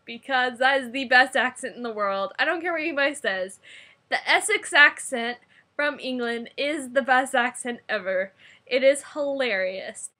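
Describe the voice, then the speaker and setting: Bright-voiced, bubbly young woman vlogger. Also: high voice. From America. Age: young adult. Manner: chatty and bubbly, quick shifts in volume. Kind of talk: casual vlog chat.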